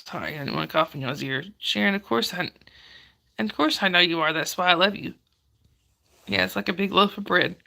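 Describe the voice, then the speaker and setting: A chatty woman with a Southern US accent hosts a live chat, reading comments and laughing with her viewers. Her voice is bright and very gravelly with heavy vocal fry. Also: lowish voice, brisk. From Georgia, US. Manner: chatty, greets viewers by name, laughs often. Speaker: livestream host.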